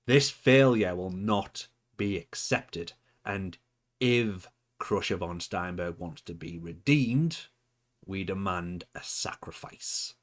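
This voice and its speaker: A man voicing a cryptic female wrestling manager in a put-on accent, speaking slowly and solemnly. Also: sits low. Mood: ominous, commanding. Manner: slow, solemn, commanding promo. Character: cryptic woman manager of a villain stable.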